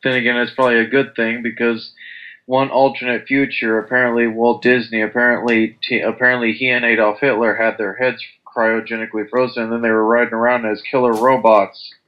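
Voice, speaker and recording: A man's voice: mid-range voice, level tone, brisk, dull audio. A young man in casual chat, telling rambling stories with lots of restarts and crude language. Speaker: podcast co-host.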